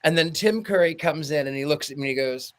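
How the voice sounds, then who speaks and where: Man on a podcast, kinda high voice, telling stories and doing the voices. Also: fast talker. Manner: animated storyteller, acts out quotes. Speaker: podcast co-host. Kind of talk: casual chat.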